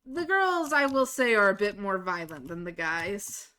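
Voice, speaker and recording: Casting: blunt, animated woman streamer with a bright voice, chatting while she plays. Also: medium pitch, measured pace, clean tone. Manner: blunt, swears freely, animated storyteller. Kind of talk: casual chat while gaming.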